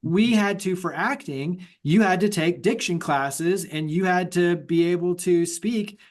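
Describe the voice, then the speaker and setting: Male podcast host, bright high register, meandering conversational questions. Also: measured pace. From Texas. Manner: loose, rambling questions with fillers. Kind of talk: podcast interview.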